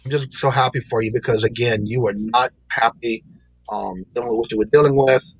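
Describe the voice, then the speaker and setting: A man's voice: medium pitch, fairly even intonation, brisk, slightly rough, poor audio. A man hosting a casual livestream, greeting viewers in the chat by name and laughing often. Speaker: livestream host.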